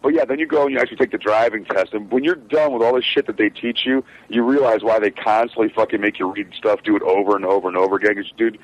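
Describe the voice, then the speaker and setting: A man with a fairly low voice tells a story in fast, tumbling speech. He swears freely and loses his thread in fillers as he chats casually. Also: steady tone, lo-fi sound, a little hiss or hum. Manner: rambling, profane storytelling with many fillers. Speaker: truck driver, show regular. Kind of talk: casual podcast chat.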